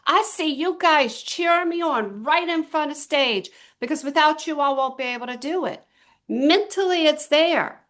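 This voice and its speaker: A middle-aged woman giving a motivational talk to a small group, telling stories with emphatic, drawn-out stresses. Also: sits high, pushed and bright. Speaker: team trainer.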